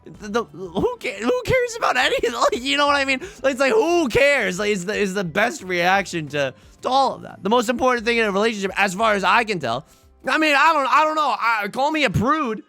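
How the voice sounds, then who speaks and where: A man's voice: high voice, expressive, fairly quick, pushed and bright, dry recording. A man hosting a Let's Play, giving chatty, rambling gameplay commentary full of restarts and laughs. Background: faint game music.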